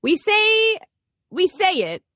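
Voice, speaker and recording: A woman's voice: very high voice, expressive, slow, pushed and bright, no room sound, studio quality. A Canadian woman from the Toronto area, co-hosting a podcast in casual chat, talkative and laughing often as she wanders off on tangents. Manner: chatty, laughs often, digressive. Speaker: podcast co-host.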